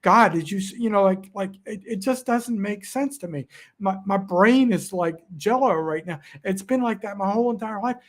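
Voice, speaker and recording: Man, 60s, high pitch, podcast guest, angry and halting, repeats himself. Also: darkish tone. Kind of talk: casual conversation.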